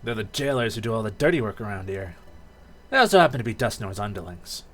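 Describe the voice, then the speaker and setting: A streamer voicing a gruff lizard outlaw who talks in a curt, dismissive way, reading game dialogue aloud. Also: mid-range voice, big pitch swings, quick pace.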